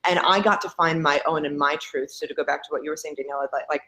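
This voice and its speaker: A woman's voice: low voice, steady tone, fast, a bit bright, low-quality recording. A woman in her thirties speaking on a panel, reflective and earnest, building her points through repetition. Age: 30s. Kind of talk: casual panel discussion.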